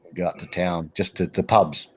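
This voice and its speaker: A man's voice: sits low, fairly even intonation, normal speed, darkish tone, husky. A man, chatting casually on a group stream, protesting and laughing as he tells rambling stories. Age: 40s. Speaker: regular on a livestream chat.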